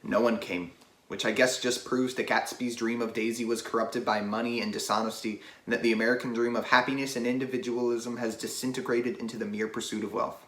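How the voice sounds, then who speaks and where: A man's voice: mid-range voice, little pitch movement, a little fast, a bit bright, lightly acted. A man voicing an awkward, hesitant young man in a student comedy play, stammering often.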